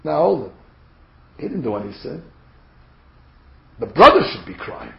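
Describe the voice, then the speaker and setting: A man's voice: fairly high pitch, big pitch swings, unhurried, vocal fry. A man giving a Torah class to a group of women, earnest and emphatic, asking rhetorical questions and pressing hard on key points. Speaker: Torah teacher. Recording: echoey room, dull lo-fi sound.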